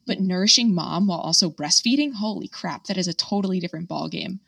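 A woman's voice: fairly low pitch, fast talker, vocal fry, a bit bright, breathy edge, dry recording, distant mic. A woman hosting a podcast, chatting with enthusiasm and saying "like" often. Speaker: podcast host. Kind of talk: casual podcast chat.

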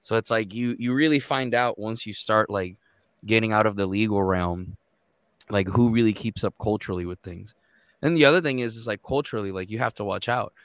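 Low-voiced man swearing casually in chat. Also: a little fast, no echo, studio quality. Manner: profane, animated storytelling. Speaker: court interpreter.

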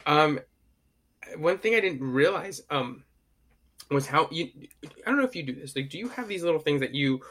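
A man around thirty talking in a loose, rambling way, full of enthusiasm and casual swearing. His voice is bright and sits a little high, with a forceful edge. He chats easily as a podcast co-host. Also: animated, normal speed, pauses often. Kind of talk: casual chat.

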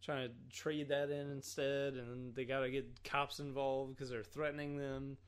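A man's voice: mid-range voice, normal speed, clear, resonant tone. A man in his twenties, a podcast co-host chatting casually and acting out other people's lines as he tells a story. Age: 20s. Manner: animated storyteller, acts out other people's voices. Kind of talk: casual chat.

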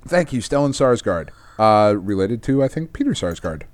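A man's voice: lowish voice, very animated, moderate pace, dry recording. A man from Texas, a podcast host casually recapping a comic book in a loose, profane, rambling way. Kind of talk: casual chat.

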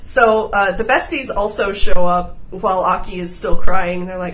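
A woman's voice: medium pitch, normal speed, hardly any pauses, fairly bright tone, poor audio. A woman co-hosting a podcast in casual chat, laughing often and acting out characters as she recaps. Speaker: podcast co-host.

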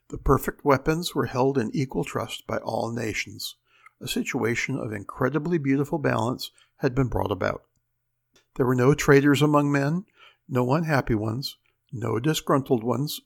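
A man narrating a story aloud in an expressive reading style, giving the characters their voices. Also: medium pitch, creaky.

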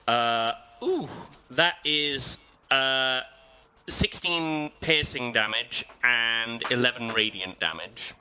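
A man's voice: mid-range voice, slow pace, pushed and bright, lo-fi sound, a little hiss or hum. A man playing a tabletop game, calling out his dice rolls with many hesitant ums. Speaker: player.

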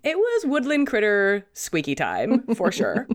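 Woman cohost, kinda sick voice, chatty, bouncy pitch, laughs a lot. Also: wildly swooping pitch, unhurried. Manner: chatty, laughs between points. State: sick, hoarse-sounding voice. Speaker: podcast co-host. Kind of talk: casual podcast chat.

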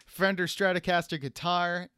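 A man's voice: sits high, little pitch movement, moderate pace, bright, forceful tone, slight background noise. A man co-hosting a casual podcast, reading off a list of items in a matter-of-fact way. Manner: listing items matter-of-factly, chuckling. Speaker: podcast co-host. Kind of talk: casual comedic chat.

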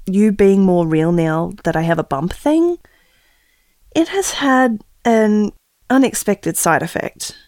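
A tender mother-to-be, played by a woman, confides her worries to her unborn child. She speaks at an unhurried pace in a middle-pitched voice. The sound is dry and close. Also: a little mellow, no echo. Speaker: expectant mother talking to her unborn baby. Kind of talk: audio drama acting.

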